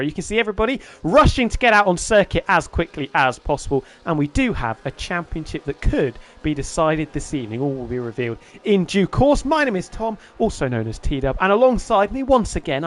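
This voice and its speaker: A man's voice: on the high side, fairly quick, hardly any pauses. Upbeat man calling a sim race. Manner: lively, builds excitement over lap times. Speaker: sim racing commentator. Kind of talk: lead race commentary.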